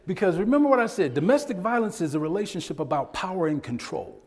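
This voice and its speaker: A man leads a workshop in a fairly high voice that swings up and down in pitch as he talks. He lectures in a loose, conversational way and laughs often. The sound carries a long hall reverb. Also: expressive, fast talker, few pauses. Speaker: workshop presenter. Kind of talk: lecture with storytelling. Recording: echoey hall.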